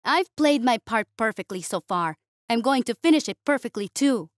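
Woman voicing a timid little mole creature, gentle, careful, eager, storybook tone. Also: on the high side, animated, normal speed, dry recording, studio quality, natural voice.

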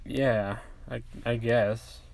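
A man's voice: mid-range voice, fairly even intonation, very slow, creaky, a little mellow. A man voicing a shy, unsure teenage boy who stammers and hesitates.

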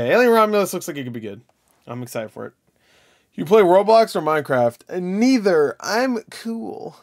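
Joking young man streaming live. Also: medium pitch. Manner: joking, crude, swings from mumbling to loud mock outbursts. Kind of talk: casual live-stream chat reading viewer comments.

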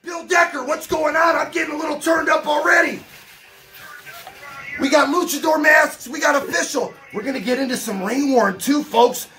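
Loud high-voiced hype man. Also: moderate pace, music in the background. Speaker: collector hosting an unboxing. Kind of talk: hyped unboxing vlog. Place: home collection room.

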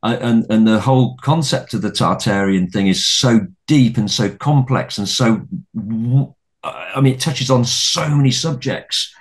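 Unhurried and mid-range in pitch, a middle-aged man appears as a podcast guest and tells a story conversationally. The telling rambles, full of restarts, repeated words and free swearing.

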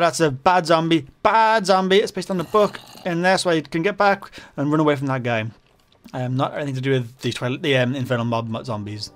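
A man hosting a modded game play-through, mumbling with fillers and then yelling in panic, his voice getting hoarse. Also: on the high side. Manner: frequent fillers and self-corrections. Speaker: gaming channel host. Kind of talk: Minecraft modpack let's play commentary.

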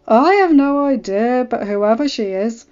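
A man's voice: very high voice, animated, unhurried, darkish tone, smooth, lo-fi sound, faint music behind, pitched above the performer's own voice. A woman voicing a wry, dry-humored teenage boy from a gang, in a story reading.

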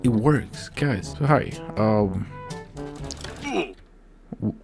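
A man's voice: lowish voice, very slow, gravelly, music in the background. A man giving rambling, casual gameplay commentary, full of slang and swearing. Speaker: gaming video creator.

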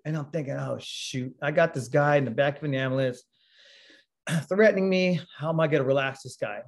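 A man giving a sermon, telling a personal story in a conversational way, often clearing his throat. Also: a little high, fairly quick. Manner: conversational storytelling, acts out quoted voices; frequent throat clearing and fillers. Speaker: preacher.

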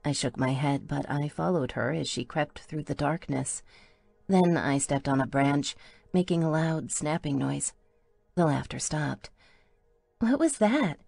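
A woman's voice: low voice, fairly even intonation, unhurried, gravelly, a little mellow, no echo, soft background music. A woman reading a first-person audiobook in an intimate storytelling manner. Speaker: audiobook narrator.

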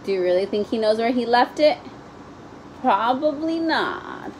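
A young woman teacher reading a story aloud to children, pausing gently to ask them questions. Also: on the high side, animated, slight background noise.

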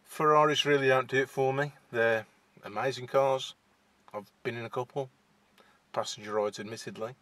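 A shy man from Wolverhampton, England, vlogs casually to camera from inside a parked car in his West Midlands accent, hesitating with many fillers and restarts. The voice is medium-pitched and sharp, fairly even in intonation, at normal speed, with no echo.

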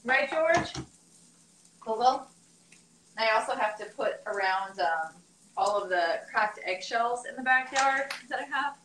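A young woman vlogger rambles casually and laughs often as she cooks on a live stream at home. Her fairly high voice has lively intonation, a slow pace and a bit of brightness, in an echoey kitchen with clinking dishes and cutlery and slight background noise.

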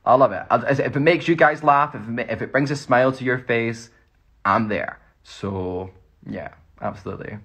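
A man's voice: medium pitch, normal speed, fairly bright tone, husky. A Scottish man, an actor, rambling cheerfully through fan questions in a casual phone livestream. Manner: chatty, rambling, laughs often.

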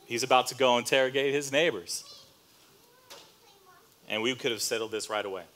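A man pastor preaching a sermon as a relaxed, conversational story, with casual fillers and slang asides. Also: mid-range voice, normal speed, long pauses. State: choked up near the end.

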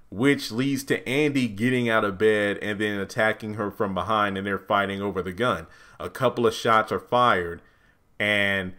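Chatty man reviewing a TV episode. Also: on the low side. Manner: chatty, rambling, animated retelling. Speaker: YouTube TV reviewer.

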